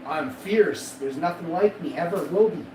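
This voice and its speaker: A man in his forties streams live, telling a rambling, boastful, profane story and laughing at his own jokes. His voice is on the high side at normal speed, picked up by a distant mic in an echoey room with loud background noise.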